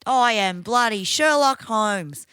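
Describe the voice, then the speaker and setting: An Australian woman co-hosting a podcast, telling a story in casual, profane, animated chat. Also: a little high, takes it slowly, clean tone, no echo, studio quality. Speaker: podcast co-host.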